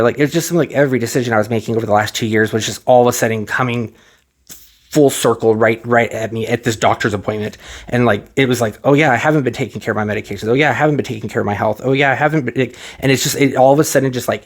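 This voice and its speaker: A man speaks quickly into a microphone at home, telling his viewers a personal story in a loose, rambling way. He keeps restarting his sentences and retells what others said to him, his voice emotional at times. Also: medium pitch. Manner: rambling, many fillers and restarts, retells dialogue; emotional, close to tears at moments. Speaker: vlogger. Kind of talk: casual personal story to camera.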